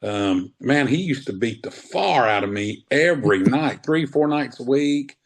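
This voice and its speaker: A man in his fifties, a wrestler telling old stories in a relaxed, rambling way during an interview. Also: medium pitch, measured pace. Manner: rambling, laid-back, says man often. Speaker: wrestler guest. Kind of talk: casual interview storytelling.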